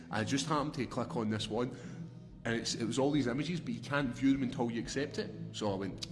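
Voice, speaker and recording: A man's voice: mid-range voice, a little fast. A young Scottish man, a podcast guest, telling crude stories in loose, laughing chat. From Scotland. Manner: crude, animated storytelling, breaks into laughter. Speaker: guest, fighter. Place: podcast studio. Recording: reverberant room.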